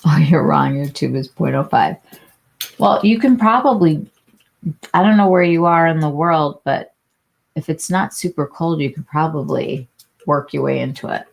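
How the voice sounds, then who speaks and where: A woman's voice: low-pitched, normal speed, creaky. A woman hosting a casual beauty livestream, chatting with viewers, answering them by name with lots of fillers and restarts. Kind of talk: casual live chat reading viewer comments.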